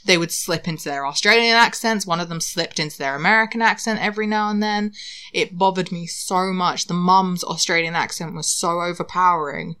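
A lowish-voiced English woman from London, talking in a lively, ranting way. She laughs and swears as she chats casually on a podcast. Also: fairly quick, smooth. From England. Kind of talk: casual chat.

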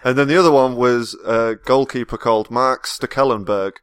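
A man's voice: mid-range voice, fairly even intonation, a little fast, clear, resonant tone, no echo, studio quality. A man with a British accent co-hosting a casual film review podcast, bantering and telling stories with frequent laughs. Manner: banter, storytelling, laughs often. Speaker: podcast co-host.

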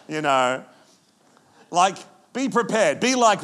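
A man preaching a sermon, with animated storytelling and frequent restarts. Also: sits high, measured pace. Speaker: pastor.

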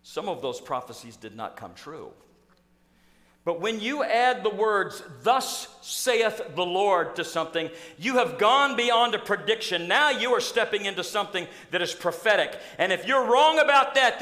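A man preaching a sermon in a church, telling a story in an animated, acting-out way. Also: sits high. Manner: storytelling, animated, acts out scenes. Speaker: pastor. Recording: echoey church hall.

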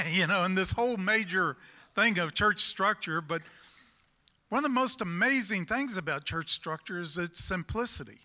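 Folksy high-voiced Southern preacher. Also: male voice, expressive, measured pace, long pauses, sharp tone. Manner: folksy, rambling, with self-deprecating humor. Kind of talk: sermon.

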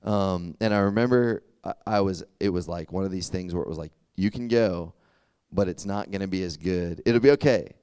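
A young male preacher talks to a youth crowd as if chatting with friends, full of fillers and quick check-ins. His voice sits a little low and sounds smooth. The recording is dry and close. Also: darkish tone, dry recording. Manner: conversational, filler-heavy, often asks "does that make sense?". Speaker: youth pastor. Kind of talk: casual sermon.

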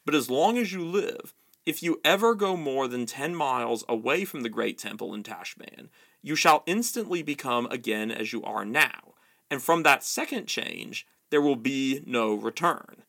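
A man voicing a majestic male lion, speaking quietly and solemnly while reading a novel aloud. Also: medium pitch, lively intonation, vocal fry. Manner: quiet, solemn, measured delivery.

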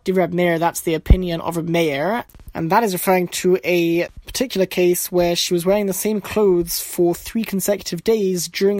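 A man teaching a text-study lesson, reading short phrases of the text and then explaining each one in a measured, explanatory way. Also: sits high, no room sound. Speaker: Torah teacher.

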